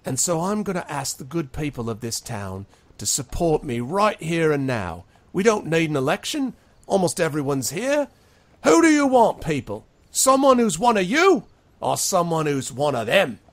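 A man's voice: a little high, very animated, moderate pace, pitched above the performer's own voice. Man doing a rabble-rousing street crook. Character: scheming male street criminal rousing a crowd.

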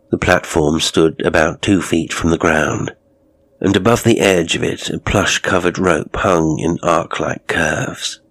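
Deep gravelly guy reading a spooky story, husky, dramatic and measured. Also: fairly bright tone, dry recording. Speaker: narrator. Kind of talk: scripted horror narration.

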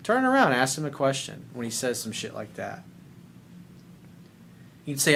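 A man's voice: mid-range voice, big pitch swings, normal speed, creaky, pauses often, a bit bright, husky. A man hosting a dating advice video, talking bluntly and sarcastically, with casual swearing. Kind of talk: casual advice monologue reading viewer letter.

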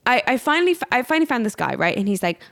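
Animated woman telling a wild story. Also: fairly high pitch, rapid-fire, gravelly. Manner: animated, swears, acts out quotes. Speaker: podcast co-host. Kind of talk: casual storytelling chat.

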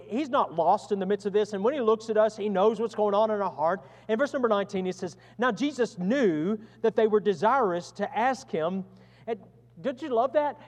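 Male pastor, high voice, earnest sermon delivery with loud and hushed swings, long hall reverb.

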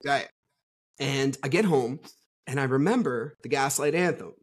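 A man's voice: medium pitch, a little slow, husky. A middle-aged man from New Jersey, a podcast guest telling a story in a rambling, frank way, with lots of fillers and the odd swear. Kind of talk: casual storytelling interview.

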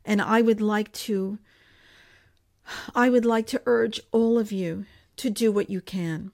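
A woman in a live broadcast, talking straight to her audience. Her voice sits at an ordinary middle pitch, and she sounds earnest and pleading. She stacks repeated phrases to press her point. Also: fairly even intonation, slow pace, vocal fry, darkish tone. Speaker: organization spokesperson hosting a live broadcast. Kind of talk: impassioned direct-to-camera appeal.

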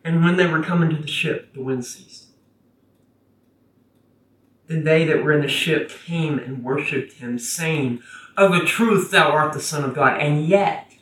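A preacher giving a casual, conversational sermon that gets animated when quoting scripture. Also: mid-range voice. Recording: roomy, from a distance.

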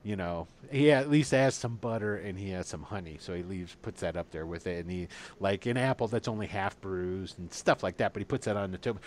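A man narrating as game master and voicing the townsfolk, laughing often and dropping into low asides. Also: fairly quick, few pauses. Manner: laughs often, drops to a mumble when describing.

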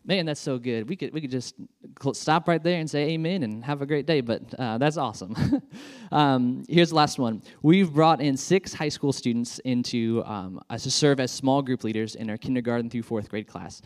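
A male pastor preaching with warm enthusiasm, chatty and informal, dotting his talk with ums and uhs. His voice sits at an ordinary middle pitch. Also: moderate pace. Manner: enthusiastic, conversational with many fillers. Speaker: children's pastor. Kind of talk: sermon.

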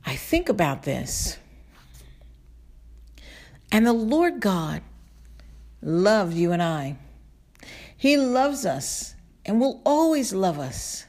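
A middle-aged woman preaching a heartfelt devotional sermon, emphatic and emotional, slowing down on key phrases. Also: medium pitch, sing-song, a little mellow.

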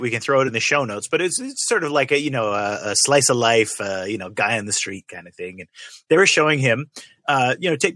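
A man co-hosts a podcast, chatting in an easygoing, wry way with frequent fillers. His voice is mid-pitched and bright. The recording is dry and close. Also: no room sound. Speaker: podcast co-host. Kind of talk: casual podcast banter.

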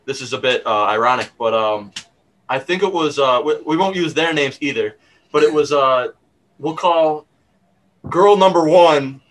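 A man's voice: a little high, a bit bright, a little hiss or hum, poor audio. Young male host, twenties, casual reminiscing, fillers, easy laughter. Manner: halting, many fillers, laughs easily. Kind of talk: casual chat.

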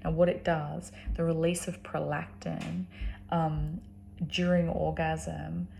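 A woman's voice: low voice, vocal fry, dark tone, a little hiss or hum. An Australian woman talking casually and rambling, with lots of ums and restarts. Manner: frequent ums and restarts, chatty. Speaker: vlogger.

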